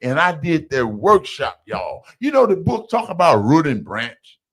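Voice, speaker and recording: His voice a little high and his pace a little slow, a man shares the story of his recovery in a loose, chatty style. He calls the audience y'all and animatedly acts out the voices of those he quotes.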